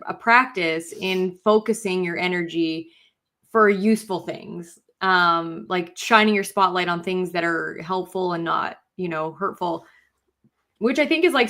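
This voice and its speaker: A woman co-hosting a casual podcast chat, who talks in an animated way with many fillers and acts out quotes. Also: medium pitch. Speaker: podcast co-host.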